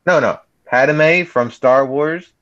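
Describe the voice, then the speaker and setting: A man's voice: on the high side, slow pace, heavy background noise. A teenage guy co-hosting a podcast, chatting casually in a laid-back, enthusiastic way, on slightly dull lo-fi audio. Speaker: podcast co-host. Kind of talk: casual chat.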